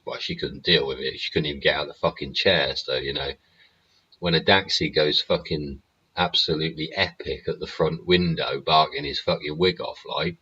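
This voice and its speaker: A man's voice: extremely low pitch, bright, forceful tone, slightly rough, muffled recording. A man hosting his show in a casual, sweary, rambling monologue, laughing often. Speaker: show host. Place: home studio.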